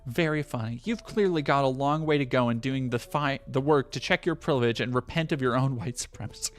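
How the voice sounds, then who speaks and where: A man's voice: mid-range voice, a little fast, lightly acted. A man reading game dialogue aloud as a preachy, condescending school manager, with music behind. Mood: scolding.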